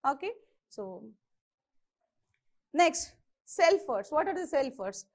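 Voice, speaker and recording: A woman with an Indian English accent teaching an exam-prep English lesson, repeating each word slowly to model how it is said. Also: high voice, very animated. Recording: dull lo-fi sound.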